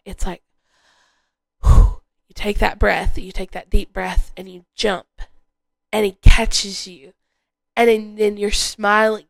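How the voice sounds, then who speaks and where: A woman's voice: medium pitch, no echo, low-quality recording. A woman hosting a podcast, sharing a heartfelt personal faith testimony in an earnest way and repeating phrases for emphasis. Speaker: podcast host.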